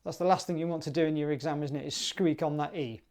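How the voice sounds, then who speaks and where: A woman's voice: low-pitched, fairly even intonation, quick pace. A woman teaching clarinet for a music exam, upbeat and chatty, singing rhythms aloud.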